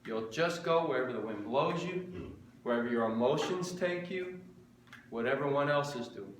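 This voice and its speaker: A man's voice: medium pitch, lively intonation, moderate pace, echoey room, a little hiss or hum. A middle-aged man preaching a sermon, earnest and repetitive, firing off rhetorical questions.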